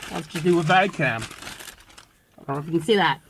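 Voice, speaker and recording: A food reviewer opening a video, complaining in a grumpy way about a fast-food item. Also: mid-range voice, noisy background.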